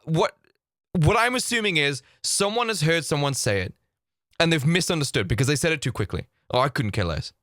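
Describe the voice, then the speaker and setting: A man's voice: a little high, no room sound, clean studio sound. A man ranting sarcastically as the host of a reaction video. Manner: sarcastic, animated, mocking. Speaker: YouTube host reacting to clips.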